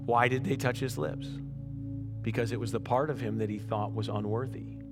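A man's voice: mid-range voice, fairly even intonation, normal speed, music in the background. A man preaching a conversational sermon as pastor, often restarting words and checking in with "right?".

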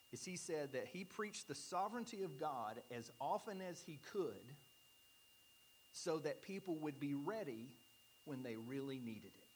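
A man in his forties, a pastor preaching an earnest sermon, slowing down to stress key points. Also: medium pitch, a little hiss or hum.

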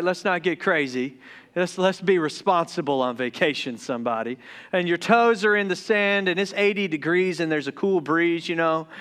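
High, smooth-voiced joking pastor. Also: male voice. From Deep South of the US. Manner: joking, excitable, stumbles and restarts when excited. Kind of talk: sermon.

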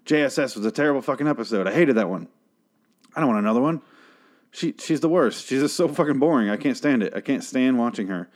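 A man's voice: medium pitch, lively intonation, fast talker. A man hosting a casual solo TV review, rambling, sarcastic and full of swearing. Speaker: show review host.

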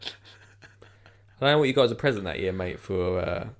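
A man's voice: low voice, expressive, moderate pace. A man hosting a podcast in rambling, jokey casual chat. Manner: rambling, jokey, lots of fillers. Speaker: podcast host.

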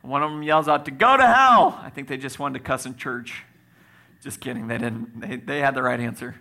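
A man preaching a sermon as pastor, swinging from loud exclaims to quiet asides, with joking moments. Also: mid-range voice, flat delivery, fairly quick, vocal fry.

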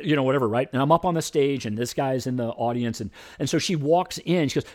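Middle-aged male debate coach, lively storyteller who acts out voices, mid pitch. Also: fast. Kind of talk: storytelling interview.

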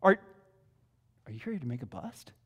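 A man's voice: medium pitch, big pitch swings, normal speed, slightly rough, long reverb tail, highs cut off. A male pastor preaching a sermon in a conversational way, repeating his key phrases.

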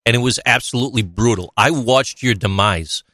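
A man's voice: mid-range voice, brisk, sharp tone, dry recording, clean studio sound. A man hosting a podcast, talking enthusiastically in a rambling, teasing way while praising his guest. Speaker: podcast host. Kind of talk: casual podcast chat.

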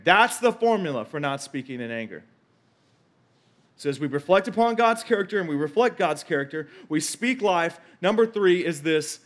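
A man's voice: high voice, a bit bright. A male pastor preaching a conversational sermon, emphatic and repetitive, with asides and quotes from scripture.

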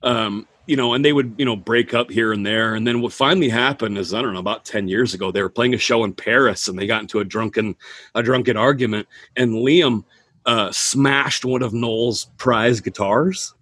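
A man in casual podcast chat, telling animated, rambling stories about bands. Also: mid-range voice, normal speed, husky, no echo.

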